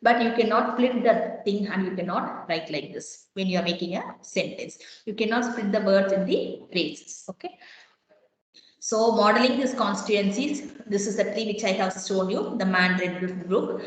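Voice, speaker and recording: A woman's voice: mid-range voice, normal speed. A woman lecturer giving a classroom lesson, explaining step by step and quizzing her students with repeated questions. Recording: very echoey classroom.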